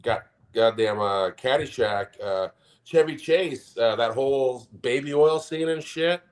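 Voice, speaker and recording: A man's voice: medium pitch, a little slow. A man in his forties co-hosting a podcast, chatting casually in a rambling, profane way and laughing as he talks. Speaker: podcast co-host. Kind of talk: casual chat.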